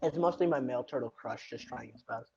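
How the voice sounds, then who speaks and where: A young man chats on a home podcast, cracking jokes and swearing offhandedly between bites of food. His voice sits at a middling pitch, and the recording sounds dull and lo-fi. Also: fairly quick, gravelly, darkish tone, a little hiss or hum. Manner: joking, eats while talking, swears casually. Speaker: podcast co-host. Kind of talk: casual chat.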